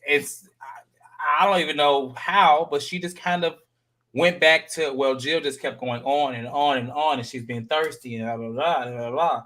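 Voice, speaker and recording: A man hosting a casual panel chat, animated and jumping into high voices to act out quotes. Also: moderate pace. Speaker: podcast panel host recapping a reality show.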